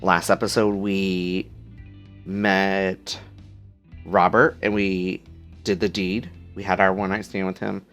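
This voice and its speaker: A man's voice: low voice, level tone, slow pace, fairly bright tone, faint music behind. A man hosting a game playthrough, reading the text aloud with joking, playful asides. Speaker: let's play host.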